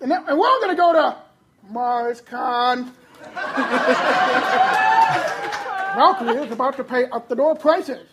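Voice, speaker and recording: A performer voicing Pac-Man as a frantic, hot-headed husband, talking in shrill bursts and laughing through his lines. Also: wildly swooping pitch, takes it slowly, pauses often, over a noisy crowd, heavily acted. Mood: outraged. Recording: audience laughter and noise behind.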